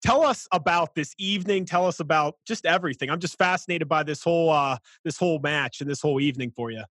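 A man's voice: on the high side, fast, fairly bright tone, dry recording. A man with a slightly raised voice hosts a casual podcast, friendly and eager, padding his sentences with fillers. The sound is dry and close, with no room around it. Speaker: podcast host.

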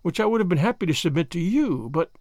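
A man reading an audiobook, voicing a sly, sarcastic French agent who speaks quietly with mock gallantry. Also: high voice, big pitch swings, fast talker, no room sound, studio quality. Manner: quiet, smooth, mockingly gallant. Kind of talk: audiobook character voice.

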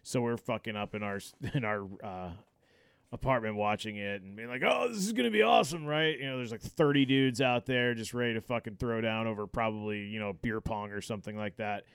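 A man co-hosting a podcast, telling stories in casual chat, animated and swearing freely. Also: on the low side, fairly quick, clear, resonant tone, no echo, studio quality. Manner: animated storyteller, swears freely, acts out quoted yelling. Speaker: podcast co-host.

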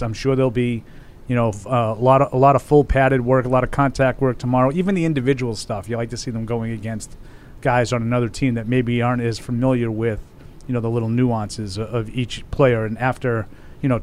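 Halting football reporter on a podcast. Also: male voice, mid-range voice, a little mellow. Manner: halting, many fillers and restarts. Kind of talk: sports podcast chat.

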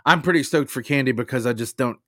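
A man's voice: medium pitch, fast, a bit bright, dry recording. A man guesting on a casual podcast, trading dry wisecracks.

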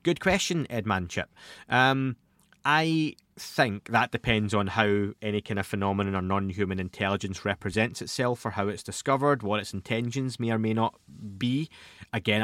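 A man in his thirties talks casually into a podcast mic. His voice sits fairly low and he rambles along with chatty asides, and the recording is close and dry with no room sound. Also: fairly bright tone, no room sound. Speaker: podcast host answering listener questions.

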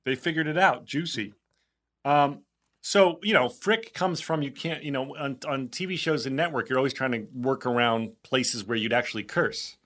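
A man's voice: medium pitch, normal speed, fairly bright tone. A man co-hosting a podcast in casual chat, joking and rambling with many fillers. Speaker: podcast co-host.

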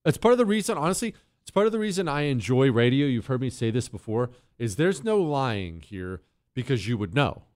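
A man's voice: mid-range voice, very animated, fairly quick, darkish tone, dry recording. A man hosting a talk radio show, delivering an emphatic, opinionated monologue with sarcastic asides into a studio microphone.

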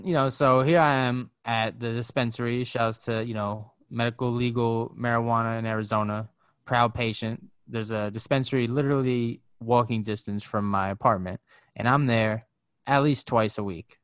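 A man's voice: mid-range voice, steady tone, moderate pace, clear, resonant tone, dry recording. A man telling a story in a casual chat, laid-back and profane, full of fillers. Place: living in Arizona.

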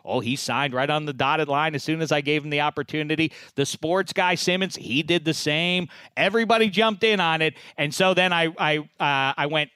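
A man hosting a casual sports chat, mock-pompous and given to sudden loud, excited announcing. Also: medium pitch, clean tone, no echo, studio quality. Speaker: podcast host.

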